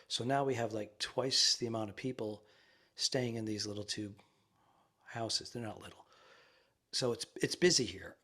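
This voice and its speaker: A man with a low, slightly husky voice, talking in a loose, rambling way with plenty of pauses. He co-hosts a comedy podcast and records from a quiet ensuite room in a rented house. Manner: rambling, easygoing, hesitant with fillers. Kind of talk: casual chat.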